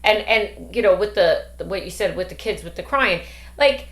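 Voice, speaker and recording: Her voice is medium-pitched and expressive at a normal speed. She's a middle-aged woman and grandmother hosting a podcast, speaking emphatically and tossing out plenty of rhetorical questions in a casual discussion, with an echoey room around her.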